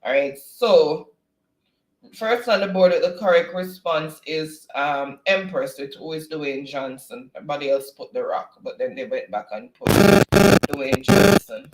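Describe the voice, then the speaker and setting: A man's voice, pitched a little high, chatting and laughing while he reads out viewer comments on a trivia stream. The sound carries a roomy echo from a home desk mic. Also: measured pace, slight background noise. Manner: laughs often, animated and teasing. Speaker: co-host of an online trivia stream. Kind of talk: casual live-stream chat, reading viewer comments.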